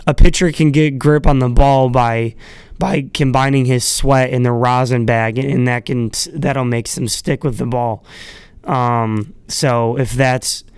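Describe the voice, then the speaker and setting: A man's voice: mid-range voice, a little mellow, smooth, dry recording, clean studio sound. A man hosting a podcast, talking in a casual solo monologue that rambles, full of fillers, chuckling asides and casual swearing. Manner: irreverent, swears freely. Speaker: podcast host.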